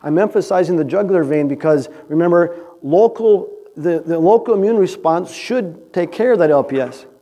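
A man gives a conference talk to a live audience. His voice sits a bit high for a man yet sounds mellow and relaxed. He keeps it conversational, often tossing "right?" to the room. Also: moderate pace, hardly any pauses. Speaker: animal science researcher presenting. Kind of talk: conference lecture.

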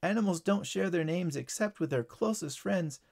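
A man's voice: high voice, normal speed, vocal fry, a little mellow, pitched above the performer's own voice. A man voicing a timid little female ladybug in a storybook reading, with a small, pleading voice. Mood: earnest.

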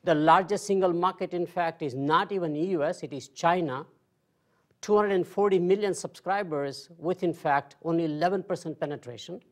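A man's voice: a little high, normal speed. A man in his sixties giving a casual, conversational lecture on marketing with self-deprecating humor. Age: 60s. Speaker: marketing professor.

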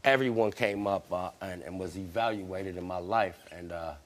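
A middle-aged man, a talk show guest speaking in halting, rambling bursts that repeat words. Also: sits low.

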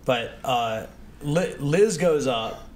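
A young man hosting a podcast, talking in a relaxed, rambling way and laughing often. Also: medium pitch, drawn-out words, a little hiss or hum. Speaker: podcast host. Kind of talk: casual chat.

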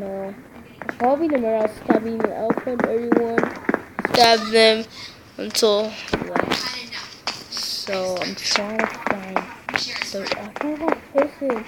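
A woman giving excitable gameplay commentary, often yelling and shrieking at the game. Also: fairly high pitch. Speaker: gaming video creator. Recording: noisy recording with mouse clicks.

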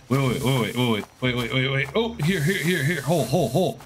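A man commentating his own horror game play, jumpy and animated, talking to himself and repeating words. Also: mid-range voice, fast, few pauses, slight background noise. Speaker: gaming streamer.

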